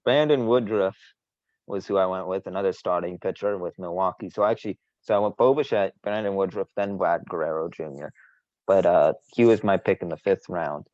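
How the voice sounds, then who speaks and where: A man's voice: low-pitched, a little fast, a little mellow, dry recording, lo-fi sound. A man co-hosting a casual sports podcast, boastful and teasing, rambling with frequent restarts. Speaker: podcast co-host.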